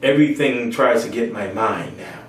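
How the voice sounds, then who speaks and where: With a fairly low, fairly bright voice at normal speed, a man delivers an informal sermon, driving points home through repetition. He raises his tone to act out other people's voices, and the echoey room is recorded from far away.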